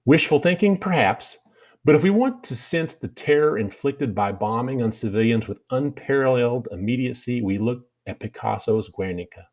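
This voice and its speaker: A man's voice: medium pitch, animated, moderate pace, a little mellow. A man with a Kentucky drawl giving a casual art lesson over slides, rambling with many fillers and restarts. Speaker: art teacher.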